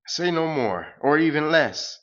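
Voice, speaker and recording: A man voicing a goofy, boastful male space surfer hero who talks in an excitable, mock-heroic way. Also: on the high side, a little slow, lo-fi sound, pitched above the performer's own voice.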